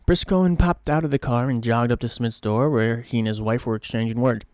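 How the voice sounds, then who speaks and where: A man's voice: medium pitch, a little fast, darkish tone, clear, resonant tone, dry recording, clean studio sound. A man casually reading a story aloud on a live stream, swearing and stumbling over words now and then.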